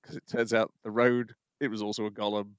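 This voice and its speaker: A man's voice: lowish voice, flat delivery, fairly quick, clean tone, no echo, lo-fi sound. A man hosting a podcast, talking casually and hesitantly with many ums. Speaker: podcast host. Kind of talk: casual chat.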